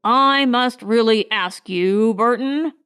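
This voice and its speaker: A woman narrating an audiobook voices a cross, fussy young gentleman who speaks slowly and pompously. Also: fairly high pitch, clean tone. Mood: indignant. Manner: slow, indignant, pompous.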